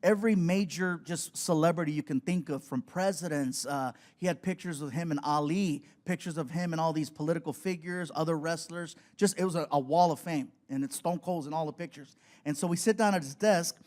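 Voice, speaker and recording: A male comedian guesting on a talk show, telling a rambling, self-deprecating story with animated energy. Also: fairly high pitch, fairly quick.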